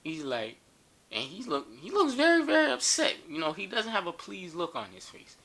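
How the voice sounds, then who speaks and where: Animated, bright-voiced joking man. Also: sits high, normal speed, creaky. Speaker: storyteller. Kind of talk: casual storytime.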